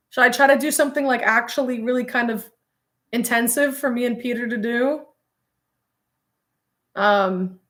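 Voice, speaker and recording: Chatty woman with a higher voice. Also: fairly bright tone. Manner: chatty, rambling, many "like" fillers, laughs often. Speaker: streamer. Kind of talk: casual livestream chat with viewers.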